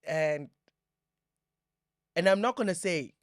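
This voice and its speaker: Playful South African podcast host. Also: male voice, sits high, takes it slowly, no room sound, clean studio sound. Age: 30s. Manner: playful, joking, slangy. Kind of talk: casual podcast chat.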